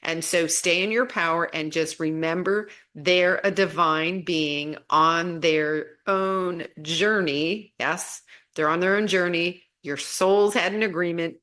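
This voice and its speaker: Low-voiced woman teaching spiritual energy. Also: takes it slowly. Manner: relaxed and chatty, repeats phrases, restarts often. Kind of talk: casual spiritual teaching monologue.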